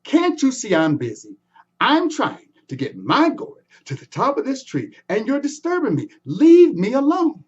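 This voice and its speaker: A man's voice: high-pitched, sing-song, a little mellow, dull audio, full character voice. Anansi, a strained chanting spider voiced by a man. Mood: irritated. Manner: slow drawn-out chanting, strained. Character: boastful male spider trickster, impatient.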